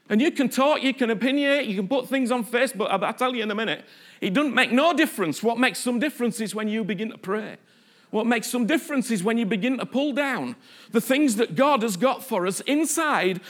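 A man preaching a passionate sermon, often acting out the voices of the people he quotes. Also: very high-pitched.

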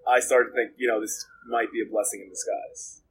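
A man's voice: medium pitch, fairly even intonation, fairly quick, fairly bright tone, slight background noise, poor audio. A man being interviewed, telling his own story in a blunt, profane, rambling way with lots of filler words. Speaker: interview guest. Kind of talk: candid storytelling about jail and addiction.

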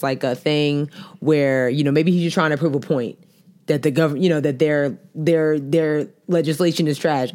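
A woman co-hosting a podcast, chatting casually in animated, slangy banter with frequent laughs. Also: sits low. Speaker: podcast co-host. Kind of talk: casual chat.

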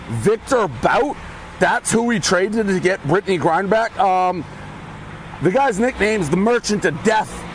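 An out-of-breath man delivers a blunt, profane rant while walking. His voice sits high and pushes forward, and faint traffic hums in the background. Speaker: commentator ranting in a video clip. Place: outdoors on a street, walking.

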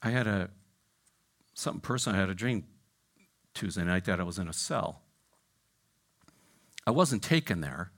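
Male pastor, fiery sermon voice with a wide, lively pitch swing; goes from loud exclamations down to near-whispers. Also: moderate pace, pauses often. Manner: repeats "right?" and "I mean" to engage listeners.

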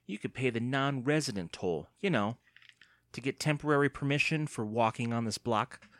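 A man's voice: medium pitch, lively intonation, normal speed, fairly bright tone, dry recording, studio quality, pitched above the performer's own voice, close to an everyday voice. A man doing sneering teenage bullies. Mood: mocking. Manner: sneering, mocking. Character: big mocking teenage bully boys.

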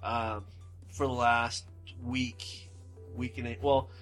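A man's voice: medium pitch, little pitch movement, slow pace, fairly bright tone, faint music behind. A man chatting casually and easily, with hesitant "uh" and "um" fillers. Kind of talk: casual chat.

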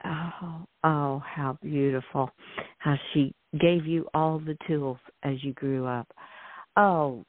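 A woman's voice: deep voice, fairly even intonation, takes it slowly, no room sound. A woman hosting an interview, reacting with gushing exclamations. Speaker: host. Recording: dry tinny phone line.

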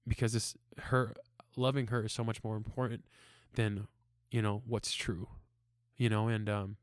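Earnest young man sharing faith, halting. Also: lowish voice, level tone, no echo, clean studio sound. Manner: earnest, halting, many fillers and restarts. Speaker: church member sharing testimony. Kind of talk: casual testimony talk.

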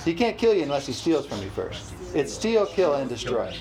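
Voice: medium pitch, big pitch swings, brisk, crowd noise. A preacher delivering an emphatic sermon, repeating phrases for emphasis and calling out "amen?" to the congregation. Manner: emphatic, calls for "amen?" responses.

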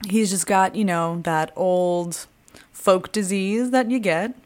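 A woman's voice: medium pitch, slow. A woman co-hosting a casual movie-review podcast, telling the plot with frequent giggles. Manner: giggly, animated storytelling. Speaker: podcast co-host.

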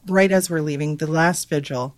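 A woman's voice: deep voice, normal speed. A woman co-hosting casual radio talk, recounting events in a plain, hesitant way with fillers. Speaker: paranormal investigator co-host.

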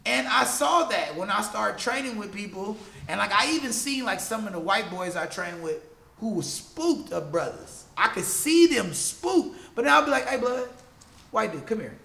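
Animated man with a gravelly, bright voice. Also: high-pitched, moderate pace. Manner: animated, laughing storyteller. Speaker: gym owner and Muay Thai trainer. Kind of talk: podcast guest storytelling.

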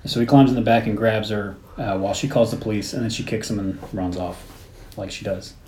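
A man co-hosting a podcast, walking through a film's plot step by step with casual pauses. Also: lowish voice, fairly even intonation, darkish tone. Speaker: podcast co-host. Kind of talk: casual chat, recapping a film. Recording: echoey room, faint background noise.

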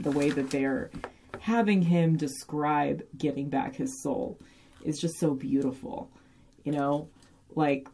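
Woman, low and warm tone, casual episode-recap chatter, animated and loose. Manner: chatty and animated, heavy fillers and occasional swearing. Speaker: podcast host recapping a TV episode. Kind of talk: casual chat.

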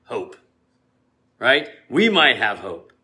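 Man, casual preacher, bright tone, chatty with frequent laughs, gets loud on scripture. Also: mid-range voice, very animated, takes it slowly. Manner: conversational, chatty, rising to loud emphasis when quoting scripture; laughs often and uses many fillers and restarts. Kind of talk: informal sermon.

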